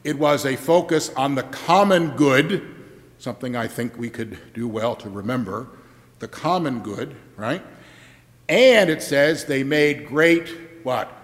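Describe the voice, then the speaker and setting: A man's voice: mid-range voice, expressive, measured pace. Chatty preacher man in a reverberant hall. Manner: conversational, keeps asking the congregation "right?", joking asides. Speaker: pastor. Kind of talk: sermon.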